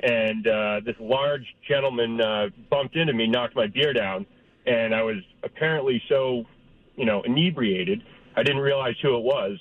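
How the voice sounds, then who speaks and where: Hesitant caller on a phone line. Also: male voice, mid-range voice, moderate pace, no room sound. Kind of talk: telling a story on the phone.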